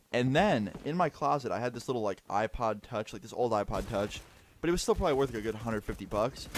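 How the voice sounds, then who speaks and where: A young man casually recounting a personal story as a vlogger, chatty and animated with lots of "like" fillers. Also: medium pitch, noisy background.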